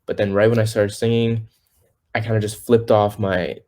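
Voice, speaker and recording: Teenage boy, low voice, casual podcast guest, rambling, lots of fillers, acts out quotes. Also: little pitch movement, normal speed, darkish tone. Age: teens. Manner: rambling, many fillers and restarts. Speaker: guest singer. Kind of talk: casual interview.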